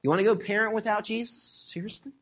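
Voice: mid-range voice, lively intonation, a little slow, a bit bright. A pastor preaching a sermon emphatically, repeating key phrases and asking the congregation rhetorical questions.

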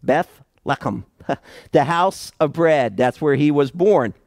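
A male pastor delivers a slow, emphatic Bible exposition in an unhurried, deliberate cadence, stressing each key word with measured, dramatic pauses. His voice sits a little high for a man and is slightly mellow with lively intonation. The recording is dry and close.

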